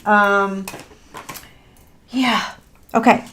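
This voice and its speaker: A woman's voice: medium pitch, fairly even intonation, drawn-out words, sharp tone, a little hiss or hum. A woman, teaching a live crafting tutorial in a chatty, self-deprecating way with frequent fillers. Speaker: paper craft instructor.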